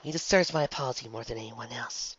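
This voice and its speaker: A man's voice: mid-range voice, fast, fairly bright tone, slightly rough. A man voicing a solemn regal pony princess. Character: regal, remorseful sun princess, female pony. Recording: dull lo-fi, dry.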